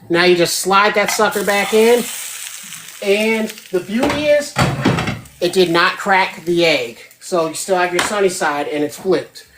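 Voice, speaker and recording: A woman's voice: lowish voice, slight background noise. A woman hosting a casual live cooking demo from her home kitchen, chatty and checking in with her viewers as she goes. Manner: chatty, keeps checking in with 'right?'. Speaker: host of a home cooking show.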